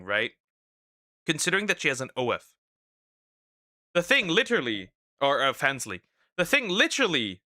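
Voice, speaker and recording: Man, vtuber reaction commentary, sarcastic, bright voice, dry close sound. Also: fairly high pitch, no echo. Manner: sarcastic, mocking asides; repeats "right?" as a tag. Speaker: vtuber reacting to online drama.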